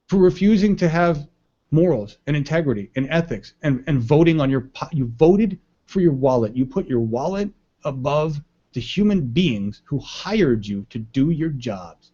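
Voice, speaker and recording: A man's voice: a little high, big pitch swings, normal speed, warm tone. Angry ranting man on a muffled stream. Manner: angry, indignant and profane, addressing viewers as folks. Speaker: livestream news show host. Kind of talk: ranting live commentary. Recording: muffled lo-fi audio.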